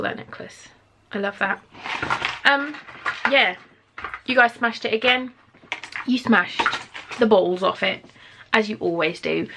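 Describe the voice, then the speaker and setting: A woman in her thirties from England, chatting excitably while unboxing and gushing over each item. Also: mid-range voice, gravelly, background noise. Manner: gushing, excitable, with sudden gasps and soft mutters. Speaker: vlogger. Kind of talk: casual unboxing chat. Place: home room.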